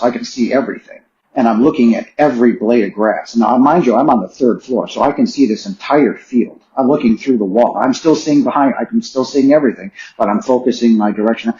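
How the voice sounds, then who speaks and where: A man's voice: medium pitch, warm tone. Earnest middle-aged man, roomy dull sound. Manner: earnest and emotional, repeating phrases for emphasis. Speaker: podcast guest. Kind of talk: personal storytelling in an interview.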